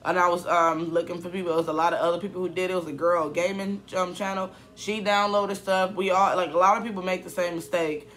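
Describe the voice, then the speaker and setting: Young male vlogger, twenties, high bright voice, upset and rambling, lots of fillers. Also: steady tone, fast talker, hardly any pauses, slight background noise. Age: 20s. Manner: rambling, many fillers and restarts; upset, emotional. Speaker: YouTuber. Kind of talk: casual vlog story.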